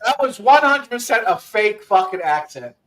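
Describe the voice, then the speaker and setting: A man's voice: sits high, big pitch swings, moderate pace, a bit bright, low-quality recording. A man hosting a call-in talk show, brash and profane, often repeating himself.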